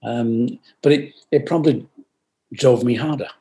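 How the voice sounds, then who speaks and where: An older man being interviewed over a video call, speaking in a reflective, earnest way and often dropping quietly into soft asides. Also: mid-range voice, measured pace. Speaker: guest, company founder.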